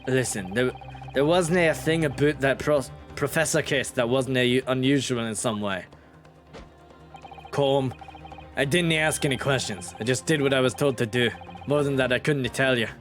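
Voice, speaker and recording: A man's voice: mid-range voice, moderate pace, soft background music, lightly acted. A man voicing a blunt, defensive older male prison warder with a put-on Scottish-ish burr. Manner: blunt, defensive, plain-spoken.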